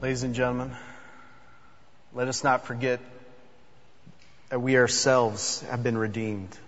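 A man's voice: medium pitch, little pitch movement, unhurried. A man preaching a sermon as a pastor, earnest and emphatic, addressing his congregation directly. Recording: echoey hall, dull sound.

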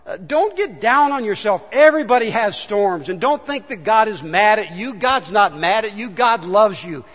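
Animated high-voiced pastor preaching in a hall. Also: male voice. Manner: animated, acts out the disciples' complaints. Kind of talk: sermon. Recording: dull sound with long hall reverb.

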